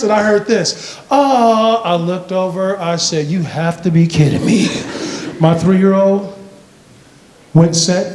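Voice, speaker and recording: A man giving a motivational speech to a school assembly, animated and playful, quizzing the crowd. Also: very high voice. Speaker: motivational youth speaker. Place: large school hall with student audience. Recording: echoey hall with background noise.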